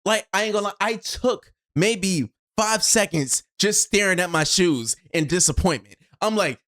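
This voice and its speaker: A video host telling a personal story in an expressive way, acting out their own reactions and swinging between loud outbursts and low asides, recorded in a home studio on a shotgun mic. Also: normal speed, few pauses.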